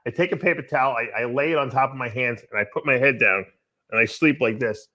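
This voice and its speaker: A man's voice: mid-range voice, fast talker, pushed and bright. A man hosting a casual podcast chat, rambling and repeating words as he restarts his sentences. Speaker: podcast host.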